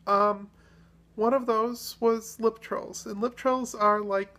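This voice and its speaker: A woman talks casually to camera in a vlog, relaxed and a bit self-deprecating. Her voice sits a little on the high side, and she often pauses mid-thought before carrying on. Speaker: video blogger.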